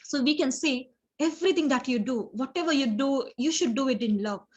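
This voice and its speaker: A woman preaching an informal sermon in a halting, earnest way, with frequent restarts and "you know". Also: high-pitched, animated, highs cut off.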